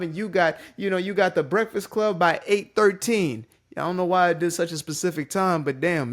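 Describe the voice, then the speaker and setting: A man giving an unscripted, motivational talk to his camera, joking and swearing casually as a content creator. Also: on the high side. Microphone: facing a ring light on camera.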